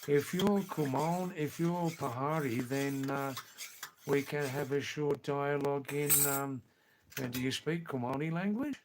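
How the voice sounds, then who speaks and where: A man's voice: on the high side, unhurried, noisy background. A man hosting a casual live stream, chatting with viewers in a teasing way and repeating phrases for effect.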